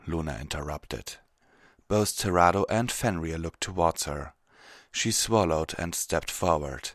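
A man narrating a fantasy story in a steady, measured audiobook reading. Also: very deep voice, dry recording, clean studio sound.

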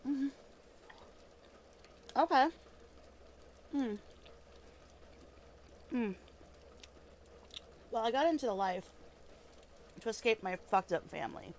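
A woman's voice: a little high, lively intonation, slow pace, long pauses, a little mellow, a little hiss or hum. A woman acting as a weary, foul-mouthed female ex-killer trying to live in peace, talking casually with lots of fillers and restarts, sometimes with her mouth full, in an audio role-play drama. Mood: bitter. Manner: chewing food while talking.

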